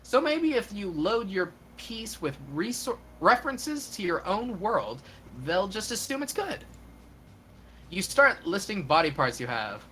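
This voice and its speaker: A streamer narrating a game on a live stream, reading with comic emphasis. The voice is bright and very animated, rising and falling all over. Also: medium pitch, unhurried, slight background noise.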